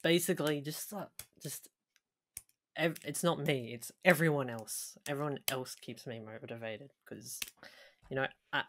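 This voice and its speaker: A man's voice: medium pitch, steady tone, unhurried, fairly bright tone, slight background noise. A man from Australia, a guest on a casual podcast, rambling and stumbling over his words with frequent laughs.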